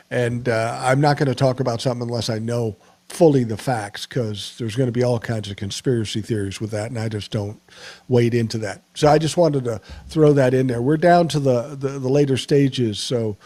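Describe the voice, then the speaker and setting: A man's voice: mid-range voice, dark tone. An older man hosting a live podcast, talking bluntly and plainly, swearing freely. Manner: blunt, profane, plain-spoken. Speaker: podcast host. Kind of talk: casual live podcast talk.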